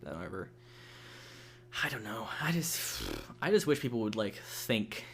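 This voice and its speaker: A man's voice: on the low side, sing-song, unhurried. Rambling young man chatting over gameplay. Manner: rambling, many fillers and restarts, swears freely. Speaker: gaming channel host. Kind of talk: casual gameplay chat.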